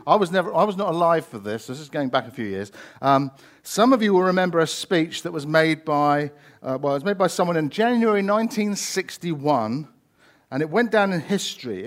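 Preacher with a higher voice. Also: male voice. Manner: conversational, rhetorical questions, frequent fillers. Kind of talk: sermon.

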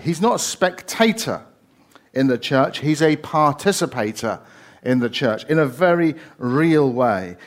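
A man preaching a sermon, conversational, with rhetorical questions and frequent fillers. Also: medium pitch.

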